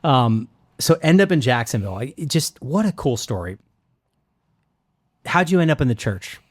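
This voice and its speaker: A man's voice: mid-range voice, sing-song, moderate pace, no room sound. A man hosting a podcast interview, enthusiastic and jokey, often jumping in with comments. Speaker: podcast host. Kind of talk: casual interview chat. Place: on-site in a coffee shop.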